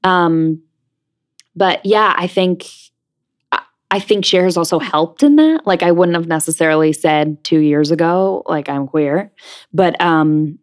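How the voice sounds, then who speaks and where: Young woman rambling in an interview, lots of likes and ums, low pitched voice. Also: a little slow. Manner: chatty, lots of fillers. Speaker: interview guest, stage actress. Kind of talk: casual interview chat.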